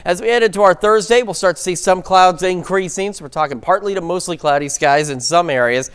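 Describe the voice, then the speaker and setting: A man's voice: high-pitched, a little fast, clean tone. A man anchoring a local morning newscast and giving the weather forecast, chatty and upbeat, with the odd stumble.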